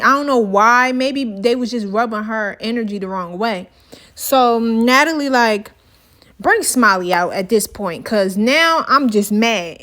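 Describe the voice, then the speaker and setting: A woman with a higher-than-average voice recaps a reality show in casual vlog commentary. She talks, candid and opinionated, addressing her viewers directly. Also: fairly bright tone.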